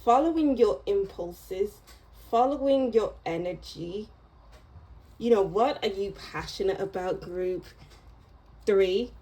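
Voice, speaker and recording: A woman's voice: mid-range voice, slow pace, mellow, poor audio. A woman giving a casual tarot reading to camera, chatty and meandering, with small laughs as she goes. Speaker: tarot reader.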